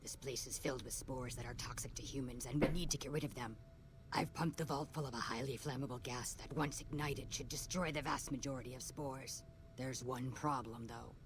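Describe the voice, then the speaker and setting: A curt, deep-voiced quest giver. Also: female voice, fairly even intonation, fairly quick, over music. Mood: businesslike. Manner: curt, businesslike. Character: brisk female vault survivor giving orders. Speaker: game character giving a quest. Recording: game audio under a stream, noisy.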